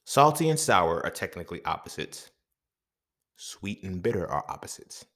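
A man's voice: low-pitched, sing-song, normal speed, fairly bright tone. A man hosting a podcast, talking in a casual, profane monologue full of rhetorical questions. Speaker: podcast host.

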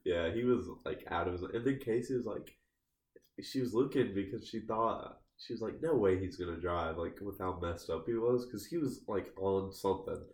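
A man with a lowish voice tells a story in loose, casual podcast chat. He rambles, restarts sentences and fills his speech with "like" and "uh." The room around him is noticeably echoey. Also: normal speed, a little mellow. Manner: rambling, heavy use of "like" fillers, restarts mid-sentence. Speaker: podcast co-host.

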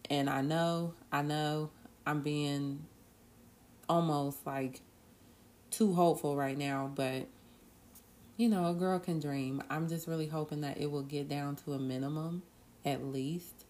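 Low-voiced woman hosting a podcast. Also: fairly even intonation, darkish tone. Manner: earnest, drawn-out pauses, bursts of laughter. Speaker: podcast host. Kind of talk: casual solo podcast talk.

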